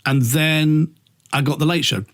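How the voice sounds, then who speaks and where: A man who works as a radio presenter, telling stories as a guest in a casual chat, animated, laughing often and swearing freely. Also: on the high side, unhurried.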